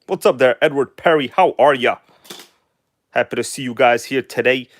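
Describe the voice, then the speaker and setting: A livestream host chats with viewers as he works on a model engine, swinging between an animated showman's tone and quiet mumbled asides. His voice is medium-pitched at a moderate pace, with no echo.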